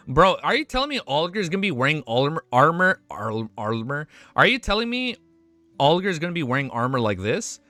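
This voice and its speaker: A male streamer reacts out loud in casual live chat, excitable and quick to swear. His voice is bright and swings widely in pitch. The mic is close and dry, with faint music underneath. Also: no echo. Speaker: streamer reacting to fan art.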